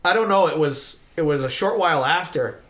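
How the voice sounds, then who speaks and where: Middle-aged man, casual interview host, rambling anecdotes, slightly high voice, salty language. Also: brisk. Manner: rambling, animated storytelling with profanity. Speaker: podcast host.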